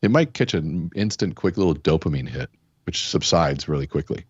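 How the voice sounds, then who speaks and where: Deep-voiced guy, guest on a podcast, storytelling with lots of you-knows, dry dull audio. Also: lively intonation, normal speed, a little mellow, breathy edge, no room sound. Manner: storytelling, acts out quoted characters, many fillers. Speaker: keynote speaker, podcast guest. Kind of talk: conversational interview with told stories.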